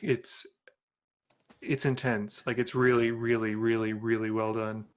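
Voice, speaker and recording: A man's voice: medium pitch, little pitch movement, measured pace, clean tone. A man chatting casually at a card game, easygoing and a little hesitant, repeating words as he thinks. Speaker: player.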